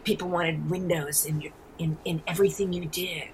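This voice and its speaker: A woman in her seventies with a New York accent, telling rambling, animated stories as an interview guest. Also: on the low side, normal speed, a little hiss or hum, rough recording. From New York City. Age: 70s. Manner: rambling, animated storyteller with frequent restarts. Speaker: guest artist. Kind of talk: casual interview.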